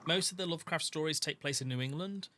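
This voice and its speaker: Bright-voiced man explaining game rules. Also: on the high side, fast talker. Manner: hesitant, lots of ums. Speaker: game master.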